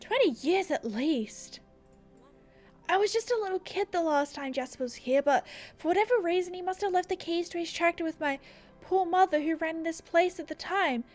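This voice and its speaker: A woman reading as a cheerful young stable keeper from a horse game. Her voice rides high and bright, the lines rattled off quickly and brightly. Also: soft background music. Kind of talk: reading game quest dialogue aloud.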